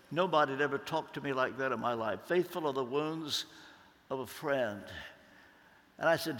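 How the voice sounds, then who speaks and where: A man preaching a sermon, slow and deliberate, leaning on emphatic pauses. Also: mid-range voice, animated, bright, forceful tone. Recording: long hall reverb.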